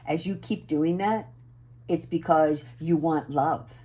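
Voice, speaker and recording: Speaking in a low, steady, unhurried voice, a woman offers a casual oracle card reading to viewers. She's earnest and gentle, at times assertive, and keeps asking "right?".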